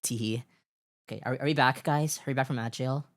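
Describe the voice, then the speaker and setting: A woman's voice: a bass voice, fairly quick, no room sound, studio quality. A woman streamer chatting live with her viewers, giggly and flustered, often repeating herself in a cutesy, playful way. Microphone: desk microphone.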